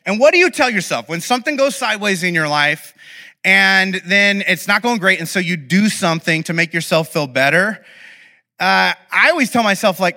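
A man with a high, bright voice delivers a sermon built on humorous, self-deprecating stories. He talks in an animated way to an audience, and his words trail off into the long reverb of a big hall. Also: normal speed.

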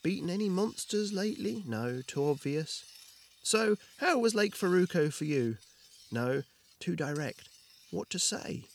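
A man's voice: high-pitched, very animated, measured pace, gravelly, pitched above the performer's own voice, full character voice. A man voicing an eager, talkative village blacksmith who gets a bit flustered.

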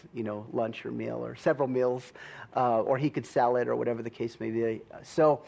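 A man's voice: mid-range voice, gravelly, darkish tone. A young adult man preaching a sermon in a chatty, easygoing way, laughing often and checking in with "right?".

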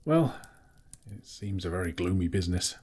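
A man's voice: low voice, expressive, normal speed, darkish tone, husky. A man voicing a bruised, wry male hobbit who is shaken after a battle. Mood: gloomy. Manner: wry, self-mocking.

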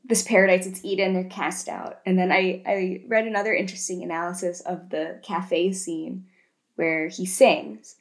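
A woman co-hosting a casual podcast, retelling film scenes in an animated way and tagging lots of questions. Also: on the low side, moderate pace. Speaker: podcast co-host.

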